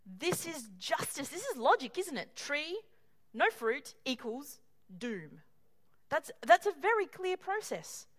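A woman preaching a sermon in an animated way, acting out quoted voices and adding humorous asides. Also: high-pitched, slow pace.

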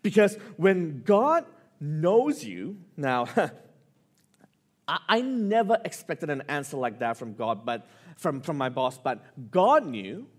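A man preaching a sermon, telling a personal story with lively, animated delivery that rises with excitement. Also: fairly high pitch, slow pace. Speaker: pastor.

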